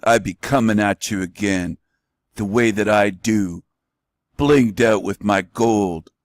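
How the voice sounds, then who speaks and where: A man doing a slow swaggering bragging drawl. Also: lowish voice, no room sound, studio quality. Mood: boastful. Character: swaggering bragging male parody preacher character in gold chains.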